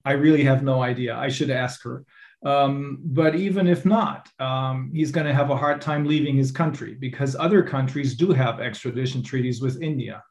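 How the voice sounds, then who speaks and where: A man with a German accent, a lawyer being interviewed, who talks haltingly with many fillers and restarts. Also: mid-range voice, vocal fry, darkish tone, echoey room. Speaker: attorney, interview guest. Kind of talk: interview answers.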